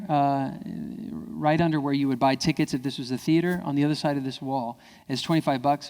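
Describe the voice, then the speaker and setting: Man, keynote speaker, slightly high voice, playful, long hall reverb. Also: darkish tone. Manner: playful, jumps into high voices when quoting kids. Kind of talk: animated keynote talk acting out family dialogue. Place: civic center hall.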